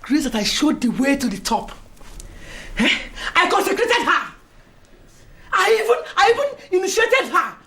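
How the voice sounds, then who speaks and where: A very high, swooping voice belonging to a haughty Nigerian club matriarch, shrieking and laughing with scorn. The room is echoey, with music underneath, like a Nollywood film. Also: female voice, sing-song, normal speed, long pauses, exaggerated voice. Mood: indignant. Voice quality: shrill, shouting, laughing scornfully. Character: Betty, proud furious club matriarch.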